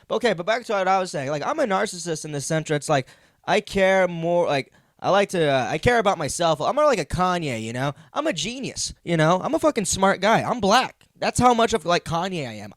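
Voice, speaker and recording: A man's voice: high voice, big pitch swings, a little fast, fairly bright tone, no echo, clean studio sound. A young man hosting a comedy podcast, ranting in a meandering, profane, self-deprecating way. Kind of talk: rambling comedic monologue.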